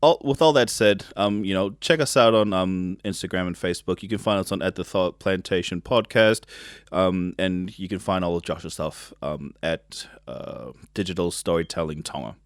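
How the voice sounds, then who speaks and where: A young man hosting a podcast in a relaxed, joking way, with lots of fillers and restarts. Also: deep voice, moderate pace, dry recording, clean studio sound. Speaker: podcast host. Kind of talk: casual chat.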